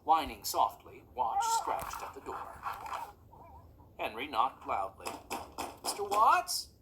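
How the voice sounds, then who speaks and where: Slow, lively storybook narrator. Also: medium pitch, creaky, noisy background. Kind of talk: storybook read-aloud.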